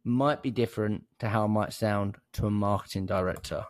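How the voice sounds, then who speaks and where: A man's voice: fairly low pitch, a little fast, no echo. A man with a London accent co-hosting a podcast, chatty and joking, often restarting his sentences. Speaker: podcast co-host. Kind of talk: casual chat.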